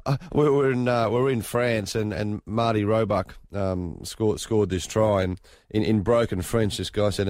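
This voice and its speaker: A man's voice: on the low side, steady tone, moderate pace, few pauses, darkish tone, dry recording, studio quality. An Australian man, a rugby pundit on radio, easygoing and laughing often. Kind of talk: casual radio chat.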